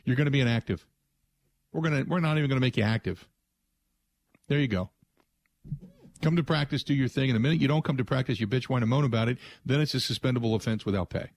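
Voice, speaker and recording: A man's voice: medium pitch, quick pace, long pauses. Blunt, emphatic male sports radio host. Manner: emphatic, blunt, with frequent restarts. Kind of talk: opinionated sports talk radio monologue.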